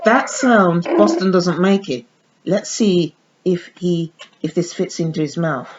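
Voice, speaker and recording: A woman's voice: fairly low pitch, unhurried. A woman vlogger chatting casually as she demonstrates a baby doll, cooing baby talk to the dolls. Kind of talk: casual toy unboxing demo. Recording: dull lo-fi sound with faint noise.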